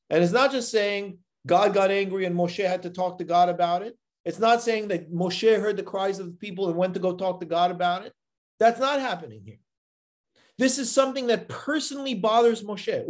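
A man, a rabbi, giving a live Torah lesson. He reads Hebrew verses, explains them and often checks in with "right?". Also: high-pitched. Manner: animated, checks in with frequent "right?". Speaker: rabbi teaching a Torah class.

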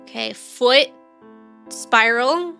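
A woman's voice: fairly high pitch, extremely slow, vocal fry, bright, forceful tone, smooth, faint music behind. A woman streamer giving casual let's-play commentary, chatty, thinking aloud and quizzing the game characters.

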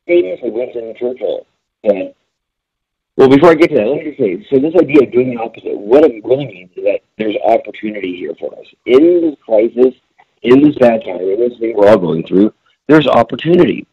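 A man giving a conversational webinar talk on small business, telling stories in a lively way with many fillers. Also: medium pitch, fairly quick, husky, lo-fi sound. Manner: lively storyteller, frequent fillers.

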